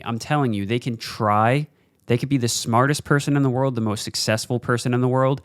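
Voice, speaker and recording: A man with a smooth, resonant voice talks into a studio mic, recorded close and dry with no room sound. He gives a blunt, casual motivational monologue as a podcast host, swears freely, and slows right down to press his points. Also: medium pitch, steady tone, dry recording. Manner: slows down for emphasis. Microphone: studio mic, facing camera.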